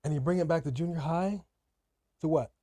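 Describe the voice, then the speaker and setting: A man co-hosts a casual live watch-party stream, ranting emphatically and repeating his points. His voice is on the high side and brisk, with crowd noise in the background.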